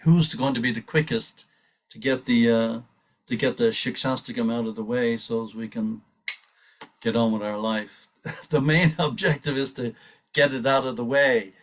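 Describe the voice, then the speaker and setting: A man leading a devotional scripture class, speaking earnestly and urgently, often restarting his sentences and laughing softly. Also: mid-range voice, fairly even intonation, normal speed, distant mic. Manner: earnest, urging, with frequent restarts and small laughs. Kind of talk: reflective scripture class talk.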